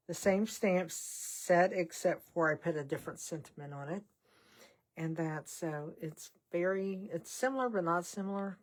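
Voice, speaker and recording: A woman's voice: fairly low pitch, a little mellow. An older woman hosting a casual card-making vlog, chatting in a rambling way with self-deprecating asides while she works. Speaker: card-making channel host. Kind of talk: casual crafting vlog chat.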